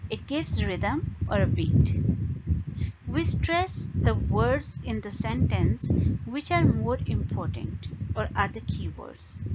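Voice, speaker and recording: A woman giving an English pronunciation lesson, explaining rules slowly and modelling words with pauses between phrases. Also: fairly high pitch. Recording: dull lo-fi recording with loud noise.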